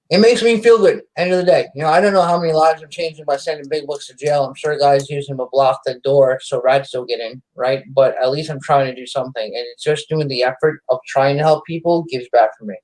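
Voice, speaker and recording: A man talking as a podcast guest in casual conversation, animated and self-deprecating, often repeating himself. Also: medium pitch, brisk, poor audio.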